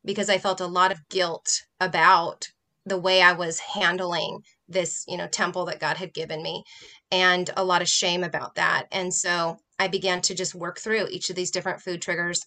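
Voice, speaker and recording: A woman's voice: on the low side, flat delivery, normal speed, sharp tone. A woman guest and health coach, sharing her personal story in an earnest, reflective way during a faith-based podcast chat.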